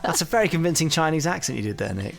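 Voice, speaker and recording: A man's voice: fairly high pitch, big pitch swings, very fast, gravelly, background noise. A man guesting on a podcast in casual chat, coy and hesitant with teasing hints.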